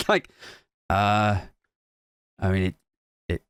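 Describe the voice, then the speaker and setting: A man's voice: lowish voice, big pitch swings, very slow, smooth, no room sound, clean studio sound. A young man hosting a podcast, telling a comic, self-mocking story in a rambling way, with lots of "like". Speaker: podcast host. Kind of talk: comic monologue.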